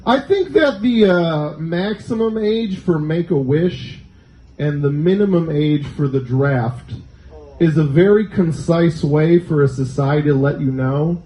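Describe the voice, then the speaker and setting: A man doing a stand-up set of dark jokes, often laughing at his own lines. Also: on the high side, a little slow, echoey room, rough recording. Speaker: stand-up comic.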